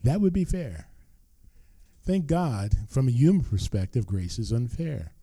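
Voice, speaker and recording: A man's voice: medium pitch, sing-song, a little slow, mellow, no room sound. An older man preaching a sermon as pastor, earnest and emphatic, repeating his key phrases.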